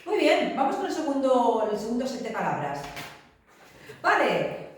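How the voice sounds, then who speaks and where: Lively bilingual woman teacher, echoey room. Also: high-pitched, normal speed. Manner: lively, switching between two languages, laughs easily. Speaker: English teacher. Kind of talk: bilingual lesson chat. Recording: echoey room, mic at a distance.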